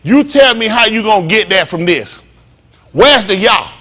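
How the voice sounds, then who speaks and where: A man's voice: sits high, animated, normal speed, pushed and bright. A male pastor preaching a sermon in a blunt, heated, mocking way, swearing freely.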